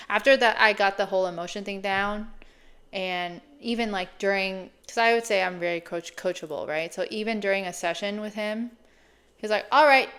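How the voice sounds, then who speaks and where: Woman, 30s, fitness coach, casual vlog talk, chatty, smooth clear voice. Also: medium pitch, moderate pace. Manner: chatty, animated, laughs often.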